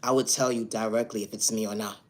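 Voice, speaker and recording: A man's voice: on the low side, fairly even intonation, quick pace. A man delivers a motivational monologue to his own viewers, earnest and insistent in tone. He keeps circling back to a few set phrases, repeating them as refrains throughout. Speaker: self-made video creator.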